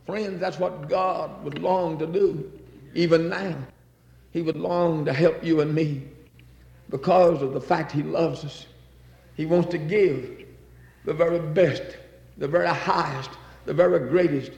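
A man's voice: a little high, steady tone, a little slow, gravelly. Fervent preacher man in an echoing hall. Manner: fervent, rising to near-shouts on emphasis. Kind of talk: sermon. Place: church.

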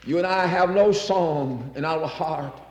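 Male preacher, fervent sermon delivery, slightly high voice, roomy echo. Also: measured pace. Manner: fervent, rising to near-shouts on emphasis. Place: church.

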